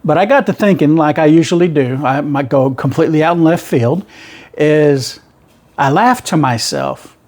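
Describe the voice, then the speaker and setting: A middle-aged truck driver from the rural American South shares road yarns on his channel in a meandering, homespun way. His fairly high voice is a little mellow, with lively intonation at a normal speed.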